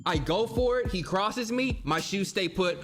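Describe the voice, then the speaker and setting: A man's voice: sits high, a little slow, faint music behind. A young man telling funny personal stories in a casual, slangy way, acting out what people said. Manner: animated, slangy, acts out quotes. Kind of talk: casual storytelling.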